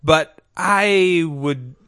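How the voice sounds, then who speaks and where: A man's voice: fairly high pitch, drawn-out words, clear, resonant tone, no echo, studio quality. A man co-hosting a podcast, chatting casually and acting out lines with laughs. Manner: animated, acts out characters' lines with laughs. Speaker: podcast co-host. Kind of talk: casual chat recapping a TV episode.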